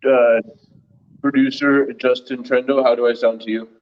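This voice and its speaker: A man's voice: medium pitch, flat delivery, normal speed, lo-fi sound. A man hosting a casual podcast, talking bluntly and mockingly and swearing freely. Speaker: podcast host. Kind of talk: casual chat.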